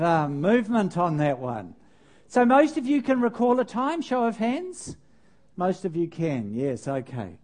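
Speaking a little high, an older male preacher recounts something from his own life in a sermon. He's animated and pokes fun at himself, chuckling along the way.

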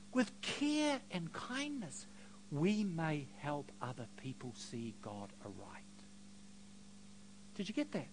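A middle-aged male preacher telling a story from the pulpit, his pitch swinging widely as he goes. He jokes at his own expense and drops to near hush before building up loud again. A faint hum sits under the voice. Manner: storytelling, self-mocking, swings between quiet and loud. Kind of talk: sermon.

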